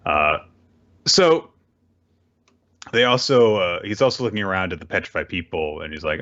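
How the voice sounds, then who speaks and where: A man's voice: deep voice, expressive, moderate pace, pauses often, fairly bright tone, lo-fi sound. A man hosting a casual recap show, talking animatedly with bursts of swearing and voiced character lines. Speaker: podcast host. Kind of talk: casual manga recap chat.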